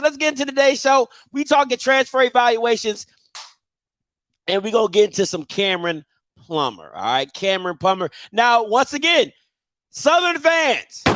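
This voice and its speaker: This host is a man with a strikingly high voice. He tells his story in an animated, excitable way, breaking into loud outbursts full of slang. The recording is dry and close, with no room sound. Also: dry recording. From Maryland. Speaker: football show host. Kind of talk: casual storytelling monologue.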